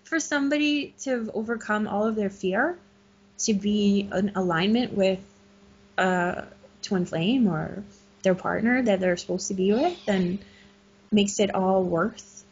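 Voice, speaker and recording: Woman guest, middle-aged, animated storyteller, breathy voice, muffled lo-fi audio. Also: mid-range voice, unhurried. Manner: animated, laughing, gushing. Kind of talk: casual interview storytelling. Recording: muffled lo-fi recording.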